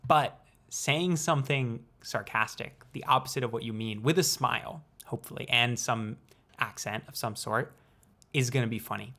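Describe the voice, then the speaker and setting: A young man hosts a casual explanatory vlog at a mid-range pitch. He is playful and unhurried and leaves deliberate pauses between phrases. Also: bright, forceful tone. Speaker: student video creator.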